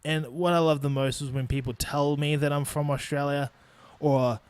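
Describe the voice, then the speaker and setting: A man's voice: on the high side, fairly even intonation, moderate pace, smooth, no echo. A man in his twenties with a New Zealand accent, hosting a solo podcast and ranting bluntly with lots of swearing. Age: 20s. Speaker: podcast host. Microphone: studio microphone.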